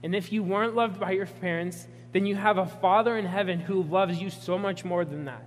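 A man's voice: high voice, brisk, in a large hall, slight background noise. A young man preaching a sermon, telling a personal story in an earnest way with many fillers. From Pacific Northwest US.

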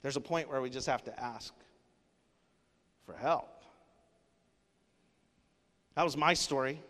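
A man's voice: medium pitch, slow, fairly bright tone. A male pastor preaching a sermon in an earnest, conversational way, with casual fillers. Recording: long hall reverb.

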